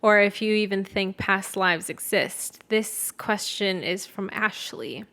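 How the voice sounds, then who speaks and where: A woman's voice: medium pitch, slow, sharp tone. Young female podcast co-host, chatty and rambling, mid-range voice, swears casually. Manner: rambling storyteller, lots of filler "like", casual swearing. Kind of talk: casual chat.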